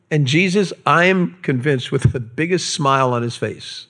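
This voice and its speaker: A man preaching a sermon as pastor, animated and acting out quoted voices. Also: moderate pace. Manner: animated, acts out quotes with raised pitch.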